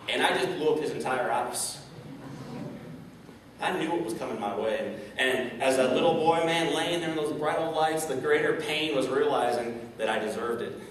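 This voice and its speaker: A man's voice: medium pitch, moderate pace, slight background noise. Man, motivational speaker, storytelling to the audience, long hall reverb. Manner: storytelling, addresses audience directly. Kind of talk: inspirational keynote speech. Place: large event hall. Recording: echoey hall, distant mic.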